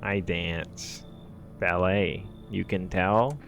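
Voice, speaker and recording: A man voicing a mysterious ballerina stranger who speaks slow, broken, cryptic English. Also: low voice, creaky, fairly bright tone, soft background music, exaggerated voice. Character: eerie, terse female ballerina stranger.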